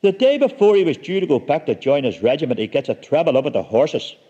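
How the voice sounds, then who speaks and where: Man, comic storyteller, dry humor, animated pitch, reverby lo-fi sound. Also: fast talker, husky.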